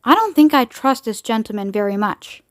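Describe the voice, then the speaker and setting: A woman's voice: on the high side, lively intonation, normal speed, close to an everyday voice. A woman voicing a suspicious, grumpy old grandmother who complains in a querulous voice.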